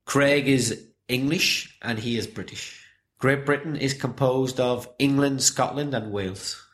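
This podcast co-host is a man from Northern Ireland with the accent to match, and his mid-range voice is unhurried. He's patient in explaining things during a relaxed conversation, filling gaps often with fillers.

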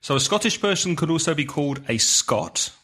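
Man, co-host, asks questions, brief agreements, relaxed chat. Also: on the high side, a little fast. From England. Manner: prompting questions, short agreements. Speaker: podcast co-host. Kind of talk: casual chat, asking questions.

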